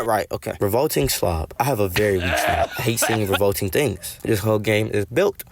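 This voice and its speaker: A man's voice: on the low side, brisk, few pauses, noisy background. A man hosting a casual video review in a playful, jokey, rambling way. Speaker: video host. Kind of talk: casual reaction-style review.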